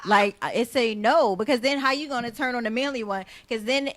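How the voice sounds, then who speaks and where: A woman co-hosting a casual radio talk show, emphatic and quick to agree, laughing often. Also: fairly high pitch, no echo. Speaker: guest co-host.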